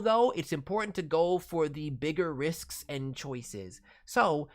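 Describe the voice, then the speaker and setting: Brief: a casual male streamer giving friendly, rambling critiques of voice acting demos. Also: sits high. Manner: friendly, critiques with hesitant restarts, lapses into slang. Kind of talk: casual feedback commentary.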